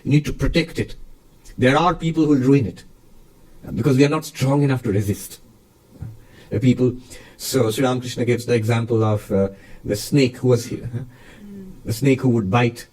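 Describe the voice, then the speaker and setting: A man, a monk and spiritual teacher, giving a lively, storytelling spiritual talk in answer to a question. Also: medium pitch, normal speed, long pauses, far from the mic, poor audio.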